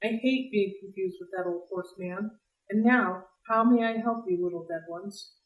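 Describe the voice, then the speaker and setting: A woman voicing a smooth, cold and greedy male ferryman of the dead who speaks in a silky, mocking way with a faintly British lilt. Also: medium pitch, moderate pace, darkish tone, lightly acted. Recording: roomy, distant mic.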